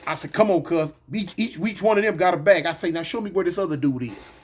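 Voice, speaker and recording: A man telling a story in a casual, animated way, acting out the voices of the people in it. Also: sits high, fast.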